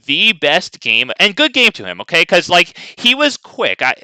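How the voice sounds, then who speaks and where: Bright-voiced ranting gaming streamer, a man. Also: sits high, huge pitch swings, moderate pace, no room sound. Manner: ranting, talks to chat. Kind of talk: casual live gameplay commentary.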